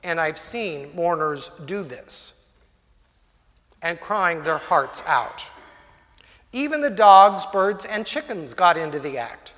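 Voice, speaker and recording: Slow, bright-voiced male preacher. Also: on the high side, animated. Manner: storytelling, vivid and dramatic. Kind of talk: sermon. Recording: long hall reverb.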